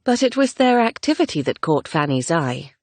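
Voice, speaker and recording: A woman narrating a romance audiobook in a gentle, measured reading. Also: low-pitched, very animated, no room sound. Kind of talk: scripted narration.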